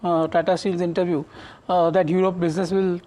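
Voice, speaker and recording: A man's voice: high-pitched, flat delivery, fairly quick, warm tone. Hesitant Indian man, market guest. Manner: hesitant, many fillers and restarts. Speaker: fund manager guest. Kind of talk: live market TV interview. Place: TV studio.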